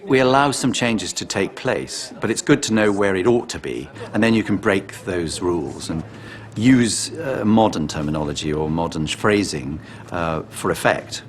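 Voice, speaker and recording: A man, a dialect coach, explaining his work in an interview in a thoughtful, halting way. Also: low voice.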